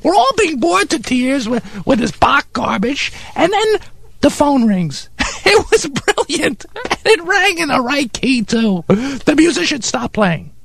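A performer voicing Harry, an eccentric, excitable male music snob who talks in a pompous, condescending way in a comedy radio sketch. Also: sits high, unhurried, creaky, dry recording, heavily acted. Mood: rapturous. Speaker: regular sidekick character.

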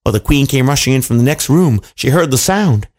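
A man telling a fairy tale to children in an animated, playful way, with asides to his listeners. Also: mid-range voice, brisk. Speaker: storyteller. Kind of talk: children's storytelling.

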